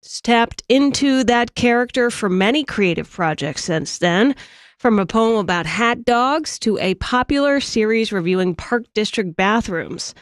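A woman radio host introducing a news story in a crisp, formal way. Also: a little high, animated, a little slow, no echo, clean studio sound.

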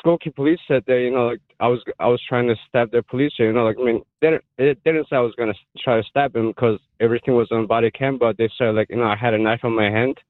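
A man calling in to a radio show, telling his story haltingly with many fillers. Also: medium pitch, fairly even intonation, no room sound. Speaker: caller. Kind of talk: call-in radio chat. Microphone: phone. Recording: tinny phone line.

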